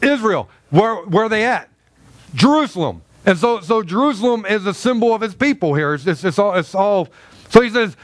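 A man's voice: high-pitched, expressive, moderate pace, dry recording. A male pastor preaching a sermon to a congregation, emphatic, with many fillers and restarts, in a church.

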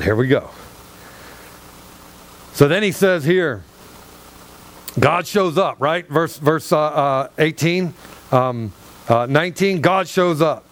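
A man preaching through a Bible passage, excitable and acting out the dialogue. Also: a little high, slow, long pauses. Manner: excitable, acts out scripture dialogue, laughs often. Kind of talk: animated Bible teaching.

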